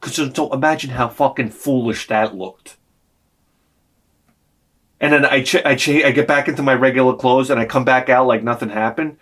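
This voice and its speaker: A man's voice: mid-range voice, steady tone, moderate pace, a bit bright. A middle-aged man, telling a comic story in a vlog, swearing freely and acting out the voices he quotes. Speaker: vlogger.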